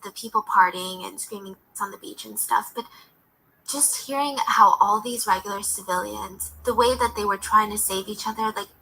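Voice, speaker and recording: Bright, gravelly-voiced woman podcaster. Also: medium pitch, moderate pace, rough recording. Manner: earnest, with frequent "like". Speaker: news podcast host. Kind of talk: scripted news commentary.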